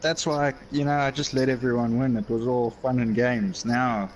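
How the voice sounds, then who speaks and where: A man's voice: medium pitch, steady tone, moderate pace, rough recording. Man, racing stream co-host, laid-back, short replies, faint background noise. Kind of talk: casual livestream chat.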